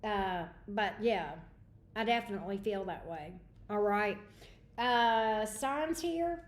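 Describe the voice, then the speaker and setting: A woman's voice: mid-range voice, slow. Chatty woman tarot reader, echoey room. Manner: chatty, greets viewers by name. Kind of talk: livestream tarot reading.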